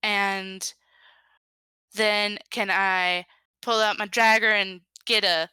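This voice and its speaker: A woman's voice: mid-range voice, steady tone, slow pace, pauses often, pushed and bright, smooth, no room sound. A woman playing a tabletop game, bantering playfully and talking through her dice rolls. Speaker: player.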